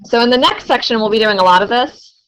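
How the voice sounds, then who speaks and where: A woman's voice: on the high side, expressive, fast, fairly bright tone, slight background noise, poor audio. A young woman teaching a math class, chatty and often asking her students questions. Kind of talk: classroom lecture.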